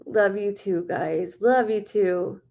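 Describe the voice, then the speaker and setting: A woman's voice: medium pitch, fairly even intonation, slow pace, creaky, mellow. A woman hosting a live stream as a psychic medium, chatting casually, greeting viewers by name and swearing freely.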